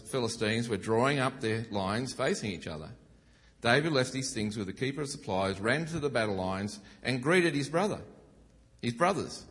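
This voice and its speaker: A middle-aged man preaching a sermon, retelling a Bible story and acting out the quoted lines with his voice rising. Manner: animated, acts out quoted lines with rising pitch. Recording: long reverb of a hall.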